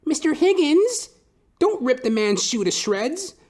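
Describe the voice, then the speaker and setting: A man doing a shrill, bossy mother. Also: very animated, unhurried, darkish tone. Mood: fussy. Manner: shrill, scolding and prim. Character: bossy, fussy mother, adult woman.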